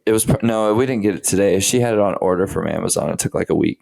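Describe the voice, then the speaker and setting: A man's voice: deep voice, quick pace, vocal fry. A man co-hosting a podcast, telling a story in casual, profane chat and acting out the lines he quotes. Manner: animated storyteller, swears a lot, acts out quotes. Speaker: podcast co-host.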